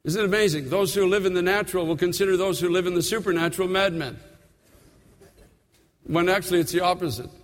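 High-voiced preacher in an echoing hall. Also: male voice, steady tone. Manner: earnest, repeats words, slows for emphasis. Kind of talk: sermon.

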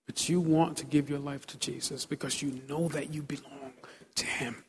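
A male preacher leads an altar call in a large church auditorium, his voice pitched a little high. He pleads in short, repeated exhortations that swing from hushed coaxing to loud, fervent calls. A faint hiss sits under the voice. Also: fairly even intonation, normal speed. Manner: builds from soft urging to loud fervor.

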